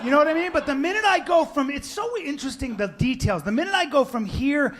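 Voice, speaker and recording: A man's voice: very high voice, expressive, quick pace, fairly bright tone. A man doing a stand-up routine full of rambling, self-deprecating asides. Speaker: stand-up comedian.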